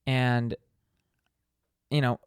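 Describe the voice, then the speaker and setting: A man co-hosting a casual podcast, telling a rambling story full of fillers and restarts. His voice is smooth and resonant, recorded dry and close. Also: medium pitch, little pitch movement, extremely slow, no echo. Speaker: podcast co-host.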